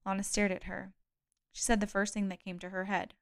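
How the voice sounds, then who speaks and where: A woman reading an audiobook aloud in a calm, measured way, close to the mic. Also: mid-range voice, creaky, no room sound. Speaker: audiobook reader. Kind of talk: audiobook narration.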